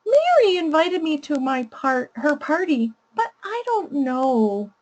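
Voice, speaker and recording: A woman doing a small upset child in a high, squeaky voice that swoops up and down as it whines about its troubles. The child sounds sulky and aggrieved. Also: sing-song, slow, a little mellow, exaggerated voice. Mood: complaining. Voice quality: high-pitched. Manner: complaining, sulky. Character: upset young child telling a parent problems.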